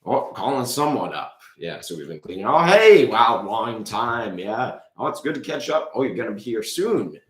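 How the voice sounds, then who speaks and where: A man's voice: lowish voice, sing-song, a little fast, hardly any pauses, echoey room, rough recording. A man voicing Rockin' Ricky, a brash male rock keyboardist showman, boastful and hyped, in improv comedy. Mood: chatty. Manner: boastful, hyped, sound-effect heavy.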